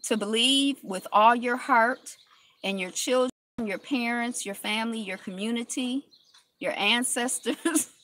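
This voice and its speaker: A woman's voice: fairly high pitch, measured pace, a bit bright, slight background noise. A woman with a cold, hosting a casual live stream from inside a car, chatting with viewers and greeting them by name. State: has a cold.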